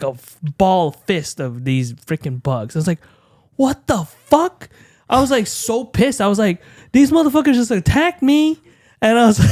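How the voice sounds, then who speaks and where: A young man co-hosting a podcast, telling a story in an animated way with lots of swearing and loud acted-out yells. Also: high voice, no echo, studio quality. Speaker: podcast co-host. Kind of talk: casual chat.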